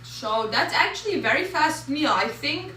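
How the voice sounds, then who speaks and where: A woman's voice: high voice, animated, moderate pace, sharp tone. Chatty woman streamer cooking in an echoey kitchen. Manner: chatty, rambling, heavy filler 'like'. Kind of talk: casual chat while cooking on stream. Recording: echoey room, mic at a distance, faint noise.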